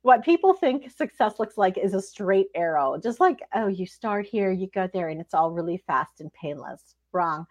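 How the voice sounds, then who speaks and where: A woman's voice: medium pitch, normal speed, few pauses. Earnest woman giving a devotional talk. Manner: earnest and expressive, with laughs and emotional retellings. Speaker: Christian speaker.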